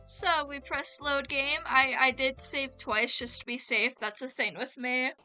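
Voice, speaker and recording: A woman with a high, bright voice talks unhurriedly through a gameplay session. She is chatty and giggly and keeps addressing her chat. Faint game music plays behind her. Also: steady tone, a little slow, clear, resonant tone. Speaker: let's play gamer. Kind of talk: casual gameplay commentary.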